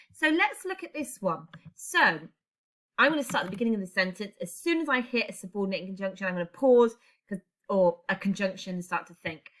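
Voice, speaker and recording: A woman's voice: mid-range voice, bright, forceful tone. A woman teaching a language lesson online, explaining step by step and putting questions to her class. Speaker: English teacher.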